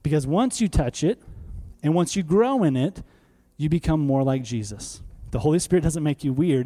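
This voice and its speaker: Guy in his 30s preaching, chatty and animated, slightly high voice but mellow and warm. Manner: animated, conversational preaching with rhetorical questions. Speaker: pastor. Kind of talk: sermon.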